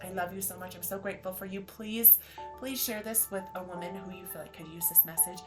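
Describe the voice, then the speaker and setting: A woman's voice: fairly low pitch, fairly even intonation, brisk, over loud music. Effusive encouraging woman podcast host. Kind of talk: motivational podcast monologue.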